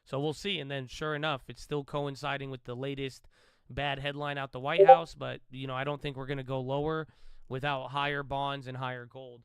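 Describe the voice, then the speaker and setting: A man's voice: mid-range voice, little pitch movement, a little fast, clean tone, dry recording. A man hosting a live trading stream, giving loose, chatty market commentary and calling listeners bro. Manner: says he tends to sound loud and yelling.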